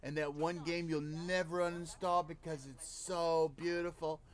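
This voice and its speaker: A man's voice: fairly high pitch, flat delivery, moderate pace, lightly acted. A man putting on a Bronx accent, voicing a swaggering male street-corner guy. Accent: New York (Bronx), put on.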